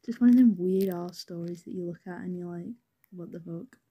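A young woman with a British accent spins a casual storytime tale, rambling from one aside to the next. Her voice sits a little low and has a husky, breathy edge. She swears freely and leans on "anyways" to keep going. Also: a little fast, warm tone.

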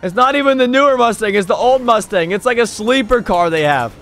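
A man's voice: high-pitched, a little fast, faint music behind. A young man giving live commentary on a driving game, cheekily taunting the police chasing him and yelping at every jump and crash. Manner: excitable, bursts into yelps on jumps and crashes; cheeky taunts at pursuing cops. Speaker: gaming YouTuber and server owner.

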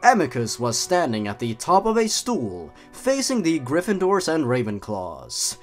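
A man narrating and mocking the stories he reads, with sarcastic, deadpan asides. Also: on the high side, unhurried, faint music behind. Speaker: YouTuber narrator. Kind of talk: comedic reading with commentary.

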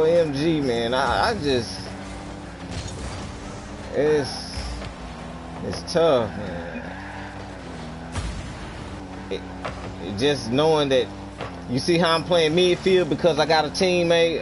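A man streaming a game, griping about teammates in casual, joking banter with his younger brother. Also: a little high. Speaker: gaming streamer. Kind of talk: casual commentary while playing a game. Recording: game sounds and noise behind.

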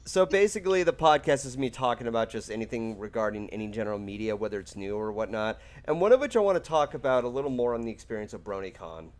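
A man's voice: mid-range voice, expressive, fast, few pauses. A man hosting a casual stream chat, rambling and hedging as he talks. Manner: rambling, hedging, laughs often. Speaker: streamer host.

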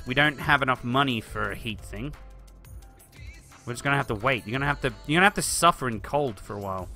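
An Australian man with a high-ish, bright, forceful voice casually chats through a live stream of a city-building game. He thinks aloud as he plays and answers questions from viewers.

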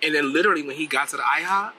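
A man's voice: on the high side, racing, pushed and bright. A man vlogging while on the move, exclaiming and ranting in sassy slang into a handheld camera. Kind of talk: casual vlog chat. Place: streets and a train around Long Island and the city. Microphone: handheld phone or camera. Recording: noisy outdoor phone recording.

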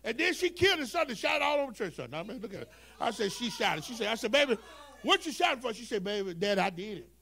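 A male pastor preaching a sermon, dropping to low storytelling and rising to shouted, whooping calls. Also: sing-song, quick pace, gravelly. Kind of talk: Black Baptist preaching.

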